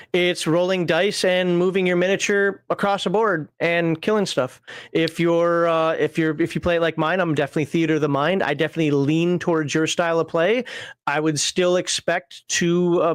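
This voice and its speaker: This man hosts a livestream panel show, reading viewer comments aloud and offering wry, opinionated takes peppered with fillers. His voice is high with a clean tone and no room sound.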